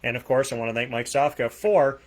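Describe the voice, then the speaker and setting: A man with a Boston accent hosting a sports talk show, rattling off plugs and shout-outs with energy. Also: medium pitch, steady tone, fairly quick. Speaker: host. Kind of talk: energetic radio show sign-off.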